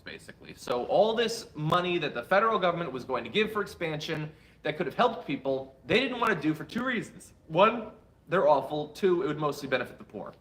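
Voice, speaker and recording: A man's voice: on the high side, fairly bright tone. A man hosting a political commentary show, reading viewer chats with wry asides, and saying he is tired.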